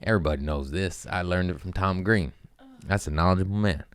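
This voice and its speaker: A man with a low-sitting voice and clean tone talks briskly as host of a comedy podcast. He spins profane, meandering stories full of jokes and breaks into silly put-on voices.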